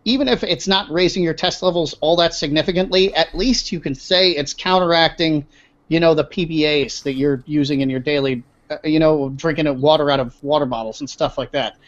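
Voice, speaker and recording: A man's voice: a little high, fairly quick. A man hosting a casual podcast, blunt, opinionated and profane. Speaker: podcast host. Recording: dull lo-fi sound.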